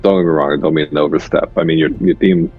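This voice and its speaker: Very deep voice, gravelly, man, tabletop player, tinny call audio. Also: steady tone, faint music behind. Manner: measured, reassuring, with restarts. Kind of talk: in-character tabletop role-play. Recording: phone-like line.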